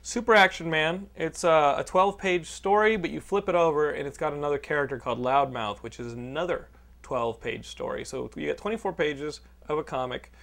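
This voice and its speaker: A man's voice: a little high, gravelly, fairly bright tone. A man hosting a podcast in casual, joking chat, often profane and teasing. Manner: joking, profane, quick to tease. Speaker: podcast host.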